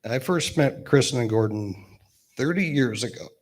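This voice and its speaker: A man in his fifties giving a eulogy at a memorial gathering with gentle humor, pausing often with fillers. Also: mid-range voice, expressive. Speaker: eulogy speaker, best man.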